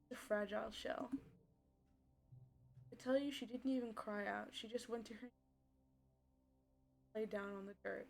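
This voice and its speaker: A woman streamer reading a story game's text aloud on a live stream, with loud, upset outbursts and swearing between the passages. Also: a little high, steady tone, measured pace, gravelly, long pauses, soft background music. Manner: reads narration steadily, then breaks off with loud distressed outbursts and swearing.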